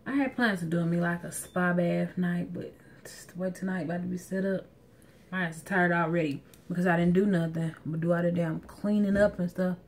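A woman's voice: on the low side, steady tone, a little fast. A woman in her thirties vlogging casually to the camera from home and her car, chatty and swearing freely, talking to viewers as y'all. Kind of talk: casual vlog chat to camera.

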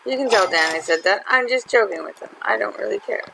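A woman's voice: mid-range voice, animated, fast talker, vocal fry, background noise. A woman hosting a gaming channel, chatting and teasing through her commentary as she plays. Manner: chatty and teasing, laughs often. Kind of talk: let's-play commentary.

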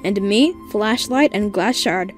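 A woman voicing a distrustful young female cube who takes charge of her team in a fan-made animated web series. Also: medium pitch, a little slow, faint music behind, lightly acted. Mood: commanding. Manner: decisive, organizing.

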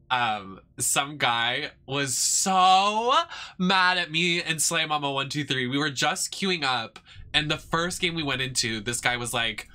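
A man's voice: medium pitch, a little slow, pushed and bright. A young man streaming a game, chatting in a playful, sassy way and swearing freely as he tells stories. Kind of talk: casual chat while playing a game.

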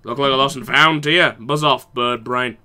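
A man's voice: medium pitch, fairly even intonation, normal speed, bright, forceful tone, faint music behind. A young man in university playing a video game, reading the dialogue aloud and mocking the characters with sarcastic, profane remarks. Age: young adult. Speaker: let's play gamer.

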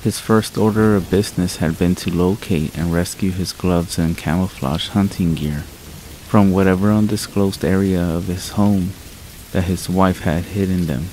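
Deep-voiced man narrating horror stories. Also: steady tone, normal speed, darkish tone, slight background noise, rough recording.

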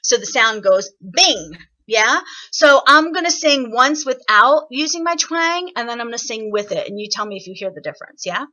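A woman leading an online singing workshop, chatty and encouraging, explaining with lively examples over a video call. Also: a little high, normal speed, hardly any pauses, muffled recording. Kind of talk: online voice lesson.

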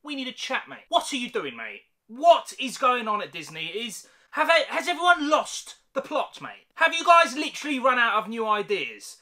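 A man's voice: very high-pitched, sing-song, moderate pace, hardly any pauses, bright, forceful tone. A young man angrily ranting to camera as a YouTube reaction host, swearing and calling the listener "mate". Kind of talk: angry rant to camera.

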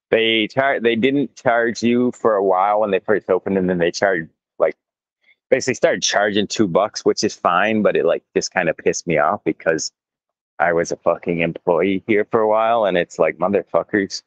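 Low-voiced man rambling on a walk. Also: normal speed, no echo, lo-fi sound. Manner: rambling, profane, chuckling. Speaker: mycology channel host. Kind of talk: casual walking livestream. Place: outdoors in botanical gardens.

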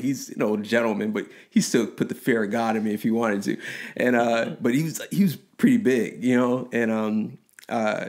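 Animated man telling a personal story. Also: medium pitch, gravelly. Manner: animated, laughing, quotes people in voices. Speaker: podcast guest.

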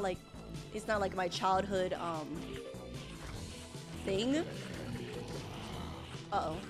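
A young woman streaming a game, rambling and panicking aloud as she plays. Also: medium pitch. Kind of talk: casual gameplay livestream. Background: game music.

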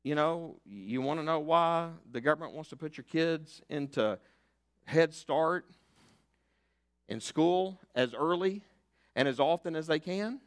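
An older man, preaching a sermon as pastor, emphatic and fiery, rising to loud declarations and dropping to hushed asides. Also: fairly high pitch, lively intonation, measured pace. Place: church sanctuary.

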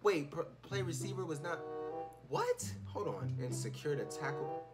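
Excitable young man yelling over gameplay. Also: fairly high pitch, moderate pace. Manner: excitable, swings from muttering to shouting, slangy. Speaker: gaming YouTuber. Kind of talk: live gameplay commentary. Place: his room. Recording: music playing behind.

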